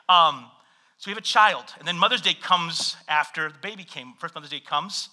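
A man preaching a sermon, reading scripture and telling funny stories from his married life. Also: fairly high pitch. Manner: animated storytelling with scripture reading and humor. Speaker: pastor.

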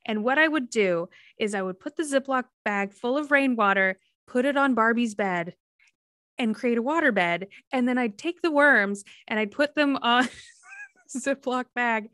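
A woman's voice: on the high side, moderate pace, sharp tone, dry recording. A woman speaks as a podcast guest, recorded close and dry with no room sound. She rambles through childhood stories with a loose, giggly delivery. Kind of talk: casual interview chat.

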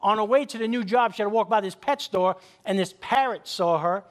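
Male pastor, high voice, emphatic sermon delivery with call-and-response. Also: fairly quick. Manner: tells jokes as stories.

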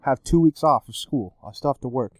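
A young man co-hosts a relaxed podcast, ribbing his friend and laughing easily. His voice sits at a middle pitch and is recorded dry, with no room sound. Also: fairly quick, dry recording. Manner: teasing, laughs often. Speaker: podcast co-host. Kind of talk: casual chat.

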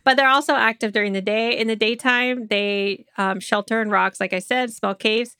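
A woman's voice: a little high, steady tone, normal speed, pushed and bright, smooth, no room sound, clean studio sound. A woman from Oklahoma co-hosting a casual podcast chat, reading facts from notes with chatty asides. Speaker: podcast co-host.

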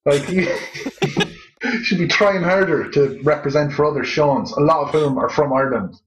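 A man's voice: fairly high pitch, measured pace. A young man co-hosting a podcast, joking and swearing, often laughing through his words. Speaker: podcast co-host. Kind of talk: casual chat. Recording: echoey room with crowd noise.

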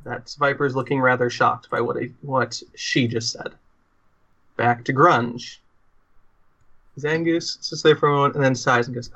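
A man's voice: medium pitch, steady tone, normal speed, sharp tone, dull audio. A man narrating as game master in a casual tabletop role-play session. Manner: casual, laughs often.

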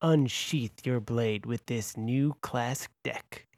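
A man putting on a dramatic trailer announcer voice with booming, theatrical promo delivery. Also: slow, a little mellow, dry recording, studio quality.

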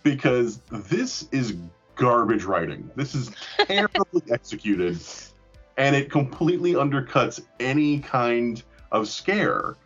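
A man's voice: medium pitch, very animated, takes it slowly, fairly bright tone, husky, faint music behind. A man in casual chat, rambling with fillers and casual swearing. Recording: dull lo-fi recording.

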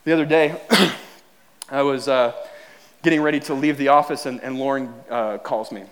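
A man in his thirties preaching a sermon as a pastor, telling a family story with lively acted-out dialogue and frequent restarts. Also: mid-range voice, moderate pace.

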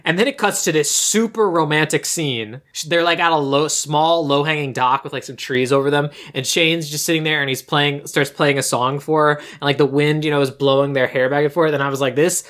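Young woman, podcast co-host, low voice, animated storytelling, casual chat. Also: brisk, hardly any pauses. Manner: animated storytelling, acting out characters' lines. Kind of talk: casual chat recapping a movie.

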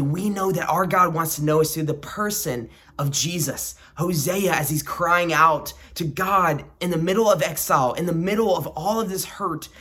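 This man hosts a devotional podcast, praying and reading scripture in an earnest, reflective manner while repeating key phrases. His voice is fairly high and a little bright.

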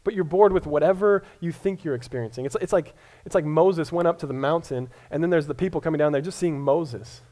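A man's voice: on the high side, a little fast, few pauses, warm tone. A young man from Colorado preaching a sermon in a casual, self-deprecating way, often restarting his words. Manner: conversational, self-deprecating, frequent stammered restarts. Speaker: pastor.

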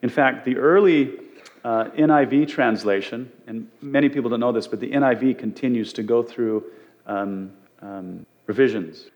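A man gives a Bible lesson in an easygoing, conversational manner. He often pauses and restarts his sentences as he explains a point. His voice sits at an ordinary, middle pitch for a man. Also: a little mellow, lo-fi sound. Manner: conversational, with frequent fillers and restarts. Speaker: pastor. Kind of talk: Bible teaching.

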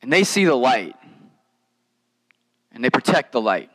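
A man preaching a sermon in a conversational, animated way, with casual asides. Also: mid-range voice, measured pace, low-quality recording. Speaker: pastor.

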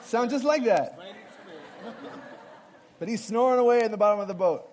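A man with a strikingly high voice delivers a lively, interactive sermon. He jokes as he goes and cues the audience to act out the story with him. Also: moderate pace, some chatter behind. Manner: playful, directs the audience to act out the scene; jokey asides with light laughs. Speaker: pastor.

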